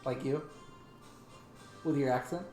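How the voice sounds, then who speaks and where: A man's voice: mid-range voice, steady tone, unhurried, warm tone. Playful questioning man in roomy sound. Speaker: player. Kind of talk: tabletop game role-play. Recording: roomy, music behind.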